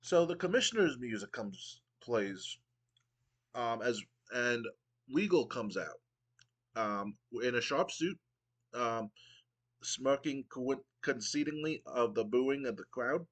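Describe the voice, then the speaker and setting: A man's voice: mid-range voice, lively intonation, takes it slowly, a bit bright, poor audio. A man casually narrating his wrestling game playthrough, rambling with frequent ums and restarts. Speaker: game streamer.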